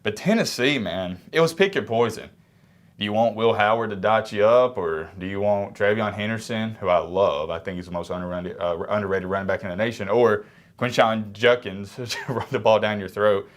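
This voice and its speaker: A young man with a cold giving casual, low-energy sports commentary to camera, sometimes moving away from the mic. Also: moderate pace. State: sick, congested. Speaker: sports reaction YouTuber.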